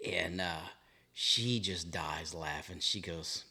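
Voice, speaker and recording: A man's voice: low voice, slow pace, gravelly, bright, forceful tone. A man co-hosting a podcast, mostly reacting in short dry asides during casual chat. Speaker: podcast co-host.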